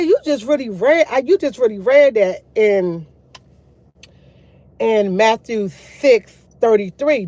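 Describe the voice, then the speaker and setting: A woman's voice: on the high side, warm tone, no room sound. A woman vlogger talking casually to her viewers about faith, rambling with many restarts and addressing them as y'all. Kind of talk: casual faith chat to camera.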